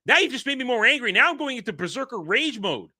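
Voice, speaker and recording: A man's voice: very high voice, big pitch swings, fast, bright, forceful tone, no room sound, clean studio sound, voice pushed up, heavily acted. A man voicing an enraged muscular male fighter who rants indignantly.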